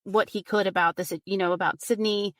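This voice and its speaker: A woman's voice: medium pitch, brisk, dry recording, studio quality. Chatty woman retelling a crime case. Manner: animated retelling, frequent "like" and "you know", acts out quotes. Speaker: podcast guest recounting a case. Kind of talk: casual true crime storytelling.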